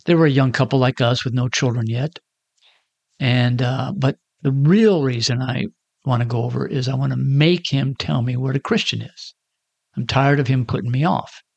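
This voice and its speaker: A man's voice: mid-range voice, normal speed, creaky, a little mellow, slightly rough, no room sound, muffled recording. A man in his sixties telling a personal story in a casual, self-deprecating way and acting out the dialogue. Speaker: storyteller giving a personal testimony.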